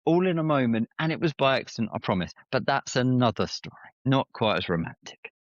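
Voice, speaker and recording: A man, a podcast guest, chatting casually and telling lively stories with playful swings in his voice. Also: fairly quick, no room sound. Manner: animated storyteller, playful swings in pitch. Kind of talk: casual chat. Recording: slightly muffled, dry sound.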